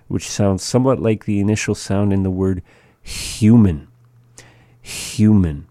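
A man teaching a language lesson, saying each word and then repeating it slowly and patiently for practice. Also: sits low, mellow, no echo, studio quality. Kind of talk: slow spoken language lesson.

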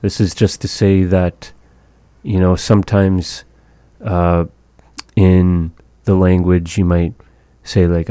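A man teaching phrases of a language, sounding them out slowly and pausing to find his words. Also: low voice, flat delivery, dark tone, smooth, no echo. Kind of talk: slow, patient language lesson.

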